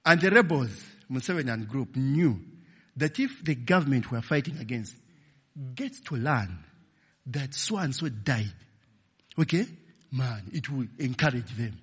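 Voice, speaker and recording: A man's voice: medium pitch, measured pace, breathy edge. A middle-aged Ugandan man preaching a sermon with personal stories, checking in with the congregation with "okay?" and "eh?". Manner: animated, calls "okay?" and "eh?" to the audience. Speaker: pastor. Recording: long echo of a large hall.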